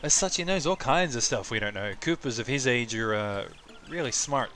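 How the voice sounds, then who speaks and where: A man's voice: medium pitch, expressive, normal speed, sharp tone, soft background music. A man doing a chatty turtle villager. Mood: welcoming. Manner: chatty, welcoming.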